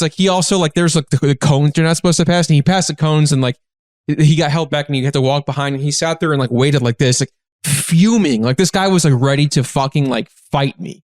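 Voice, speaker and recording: A man, a guest comedian, telling a story in casual podcast chat, rambling and animated with lots of filler words. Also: a little high, no room sound, clean studio sound. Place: living in a big city.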